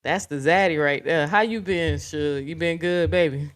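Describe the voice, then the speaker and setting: A woman's voice: sits low, normal speed. A woman hosting a livestream, talking bluntly and profanely straight to her viewers and reading out chat comments. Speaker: livestream host.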